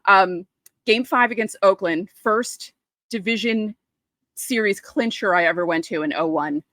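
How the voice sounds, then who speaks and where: A woman, co-hosting a podcast and chatting casually, telling lively stories and acting out quotes. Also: mid-range voice, measured pace, dry recording. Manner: animated storyteller, acts out quotes. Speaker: podcast co-host. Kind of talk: casual chat.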